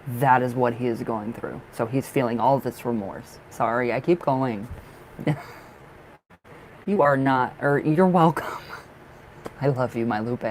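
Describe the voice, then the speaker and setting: A man's voice: mid-range voice, steady tone, a little slow, darkish tone, a little hiss or hum, low-quality recording. A man hosting a casual live-stream tarot reading, chatty and affectionate, laughing often.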